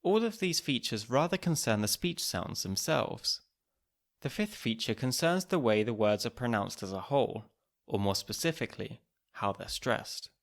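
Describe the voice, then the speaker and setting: A man hosting a podcast, reading scripted narration in a clear, measured, explanatory way. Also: medium pitch, animated. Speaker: podcast host.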